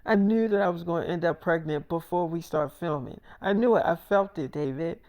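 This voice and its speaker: Man putting on pregnant young woman, excited, insistent, a bit higher voice. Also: brisk, natural voice.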